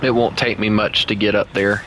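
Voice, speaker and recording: A man with a Southern US accent, streaming a game and chatting playfully with co-players, breaking into teasing and high shouts. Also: little pitch movement, normal speed, noisy background. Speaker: gaming streamer. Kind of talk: casual gameplay chat with co-players.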